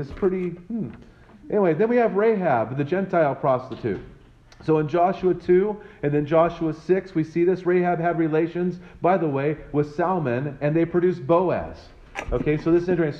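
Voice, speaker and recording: A man's voice: on the high side, highs cut off. A man teaching a Bible passage in a casual, conversational way, retelling the story in his own words with quoted lines and side remarks. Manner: conversational, retells scripture with quoted voices and asides; frequent fillers and restarts.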